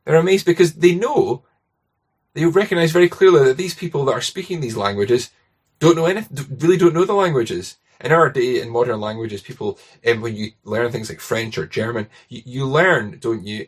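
A man's voice: medium pitch, normal speed, husky. A man with a Scottish accent preaching a sermon in a conversational way, often tagging his points with rhetorical questions.

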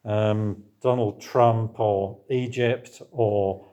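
Male preacher, lowish pitch, relaxed question-and-answer sermon style. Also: very slow, dull audio. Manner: conversational, asks the congregation questions and answers them.

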